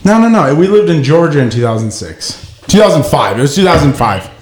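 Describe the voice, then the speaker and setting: A man's voice: a little high, very animated, a little fast, darkish tone. Playful man in his thirties, roomy sound. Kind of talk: casual storytelling.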